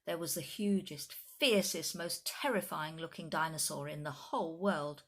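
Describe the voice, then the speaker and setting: A woman reading a children's picture book aloud in animated storytime narration, with chatty asides to the children listening. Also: low voice, moderate pace.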